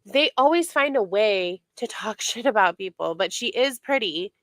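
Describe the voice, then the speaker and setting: A woman's voice: mid-range voice, expressive, normal speed, fairly bright tone, dry recording. A woman streamer giving casual, indignant commentary on online drama, sarcastic and given to mocking imitations.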